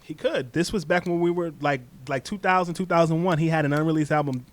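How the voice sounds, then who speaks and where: A young man guesting on a sports talk podcast, telling stories in an animated way with frequent restarts. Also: on the high side, fast talker, no echo. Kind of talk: casual chat.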